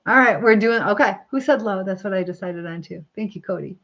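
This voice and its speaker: A woman's voice: mid-range voice, a little fast, a bit bright. A middle-aged woman hosting a casual live stream, chatting and laughing as she reads viewer comments while styling her hair. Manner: chatty, rambling, frequent laughs. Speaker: livestream host reading viewer comments. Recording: slightly dull lo-fi sound.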